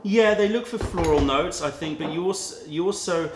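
A man hosting a casual tea tasting, musing aloud and slowly listing flavour notes. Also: on the high side. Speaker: tea shop host. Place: indoor room with cups and kettles. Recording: echoey room, faint noise.

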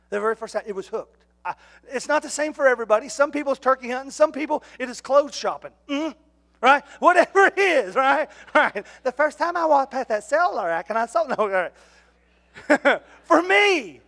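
High-voiced pastor, lively. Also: male voice. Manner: animated, jokey, shouts at punchlines. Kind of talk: storytelling sermon. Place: church.

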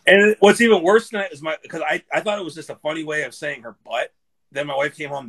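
Gravelly, swearing barbecue guy. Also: on the high side, brisk, fairly bright tone. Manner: swearing, laughing storyteller. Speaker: barbecue guest. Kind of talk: casual live chat.

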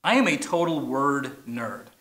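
A man's voice: medium pitch, expressive, a little slow, pushed and bright. A man preaching a sermon as pastor, playful, stretching out key words for emphasis. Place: large church or plaza. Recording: echoey, roomy sound.

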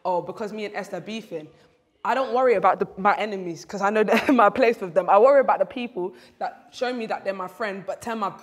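A woman, talking emotionally and close to tears in a reality show chat, halting and full of slang. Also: medium pitch. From England. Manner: tearful, halting, uses London slang. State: close to crying. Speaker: reality show cast member.

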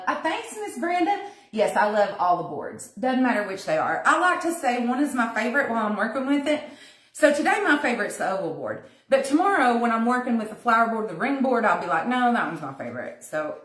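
Woman, crafter hosting a live demo; lively, higher pitch, chatty, echoey room. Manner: chatty, greets viewers by name, talks while working. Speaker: craft tutorial host. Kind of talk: casual live craft demonstration. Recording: roomy echo.

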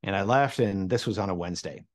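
A man's voice: deep voice, quick pace. A man in his forties telling a personal anecdote, acting out the people he quotes with big jumps in his voice. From Midwestern United States. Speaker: storyteller. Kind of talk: personal anecdote told to camera.

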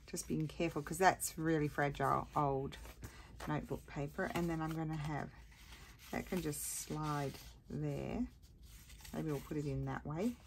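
A woman's voice: sits low, steady tone, unhurried, gravelly, a little hiss or hum. A tired woman rambling and thinking aloud as she hosts a casual crafting tutorial. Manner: chatty, rambling, thinks aloud while working.

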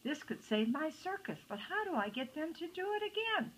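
A woman voicing a male circus ringmaster in a storybook, muttering and then shouting. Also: sits high, very animated, moderate pace, voice pushed up, low-quality recording. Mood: worried.

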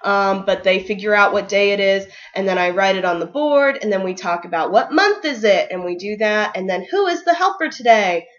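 A woman's voice: medium pitch, animated, brisk, few pauses, fairly bright tone, highs cut off. A young woman teacher giving casual, upbeat advice in a vlog, full of ums and likes. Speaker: ESL kindergarten teacher.

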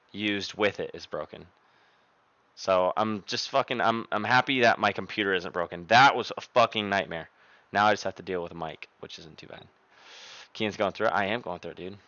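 Profane young man streaming, crisp dry voice. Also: on the low side, sharp tone, no room sound, highs cut off. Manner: profane, rambling, thanks viewers rapidly by name. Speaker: live streamer. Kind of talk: casual live-stream chat. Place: home streaming desk. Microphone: desk microphone.

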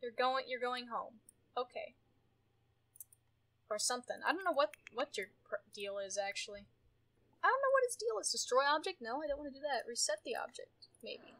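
Bright high-voiced woman yelling at her game. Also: expressive, normal speed, long pauses. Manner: exasperated, yells at her characters. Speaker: gameplay streamer. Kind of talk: casual gameplay commentary.

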